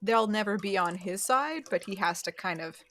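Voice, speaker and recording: A woman co-hosting a podcast at a middle pitch, casually recapping a show. She is chatty and loose. She keeps slipping into quick paraphrased lines for the characters. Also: lively intonation, a bit bright. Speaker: podcast co-host.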